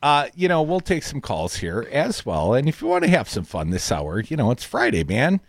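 A man's voice: mid-range voice, huge pitch swings, moderate pace, vocal fry, no echo, clean studio sound. A middle-aged man hosting a radio talk show, bantering and teasing his co-host with frequent laughs. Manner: joking, teasing, laughs often. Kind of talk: casual on-air banter.

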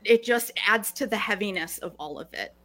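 Guest, female, middle-aged, bright forceful voice, earnest, many restarts. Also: mid-range voice, lively intonation, moderate pace. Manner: earnest, restarting phrases often. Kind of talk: reflective podcast conversation.

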